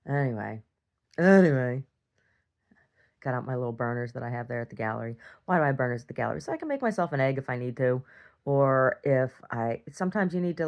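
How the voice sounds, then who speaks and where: Gravelly-voiced woman rambling through a diary. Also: very deep voice, highs cut off. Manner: chatty, self-interrupting, laughs often. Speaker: video diarist.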